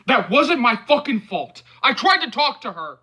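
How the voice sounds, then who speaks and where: A man voicing a hot-tempered, drunk young man who snaps, curses and shouts. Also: very high voice, big pitch swings, normal speed, husky, voice pushed up, heavily acted. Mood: angry. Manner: snapping, cursing, shouting. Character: angry, volatile young man, drinking.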